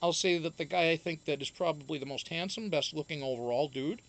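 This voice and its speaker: Gravelly man rambling on a live stream. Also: fairly high pitch, fairly quick, fairly bright tone. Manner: rambling, profane, frequent restarts; reads and answers viewer chat. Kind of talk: casual live-stream commentary.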